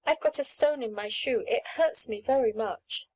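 A woman's voice: normal speed, natural voice, poor audio. Woman putting on an eager pleading little girl. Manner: pleading, excited, high. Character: eager, wheedling little girl about seven.

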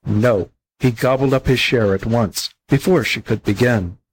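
Husky-voiced man reading a fable. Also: mid-range voice, measured pace, low-quality recording. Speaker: volunteer audiobook reader. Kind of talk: storybook narration.

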